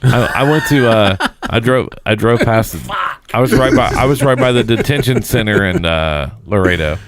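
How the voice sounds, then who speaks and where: A man's voice: lowish voice, lively intonation, moderate pace, a little hiss or hum. A male podcast co-host telling rambling stories in casual chat, often laughing as he talks. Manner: rambling storyteller, laughs while talking.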